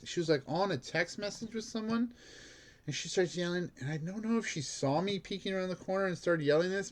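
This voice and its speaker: A man's voice: medium pitch, a little fast. A man who works as a bank security guard, telling a rambling story in a casual monologue, filled with "like" and laughing at himself.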